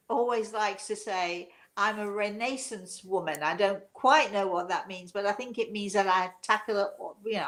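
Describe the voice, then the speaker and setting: Older female host from England, meandering chatty delivery, mid-pitched. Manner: chatty, meandering, many fillers. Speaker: show host, medium. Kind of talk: rambling casual chat.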